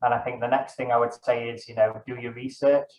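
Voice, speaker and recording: A man's voice: medium pitch, flat delivery, brisk, darkish tone. A young man, a dungeon master, chatting casually as an interview guest in a rambling way, correcting himself and filling gaps with ums. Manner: rambling, self-correcting, many fillers. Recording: echoey, dull lo-fi room sound.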